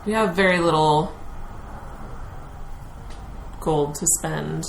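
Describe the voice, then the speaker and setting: A woman's voice: low voice, slow, vocal fry, a little hiss or hum, low-quality recording. A woman playing a tabletop game, speaking earnestly and encouragingly. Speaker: player.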